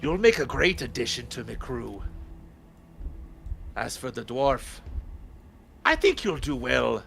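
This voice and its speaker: A man voicing a menacing undead male pirate captain who taunts in pirate slang, with a gravelly voice. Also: medium pitch, sing-song, slow, long pauses, fairly bright tone, slight background noise, exaggerated voice. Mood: taunting.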